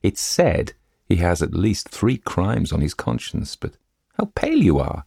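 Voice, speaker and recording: Storybook role: a teasing, gossipy young officer, done by a man narrator with a very deep gravelly voice. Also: wildly swooping pitch, a little slow, dark tone, no echo, studio quality, heavily acted.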